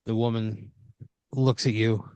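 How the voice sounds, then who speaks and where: A man's voice: on the low side, level tone, unhurried, a little mellow, no room sound, muffled recording. A man improvising a second-person story as a podcast storyteller, rambling with uhs and restarts.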